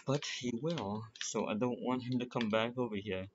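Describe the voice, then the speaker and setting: A man's voice: mid-range voice, normal speed. A man giving nervous, rambling, profane commentary while playing a strategy game. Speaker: gamer. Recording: lo-fi with loud background noise. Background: keyboard clicks and typing.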